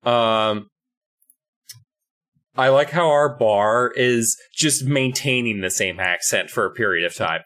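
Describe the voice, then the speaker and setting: A man's voice: medium pitch, slow pace, fairly bright tone. A young man co-hosting a podcast, recapping a story in a profane, rambling, jokey way. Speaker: podcast co-host. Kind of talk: casual comedic recap.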